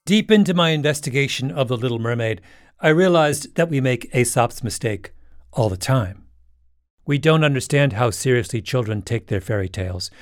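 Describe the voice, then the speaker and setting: A man's voice: mid-range voice, animated, normal speed, no room sound, clean studio sound. Wry, emphatic podcast host, man. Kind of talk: scripted narration.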